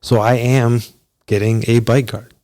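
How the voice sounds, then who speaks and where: A man's voice: medium pitch, level tone, a little slow, a little mellow, no echo. A man hosting his own podcast, talking casually and personally into a close mic, with frequent restarts and fillers. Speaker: podcast host. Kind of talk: solo podcast monologue.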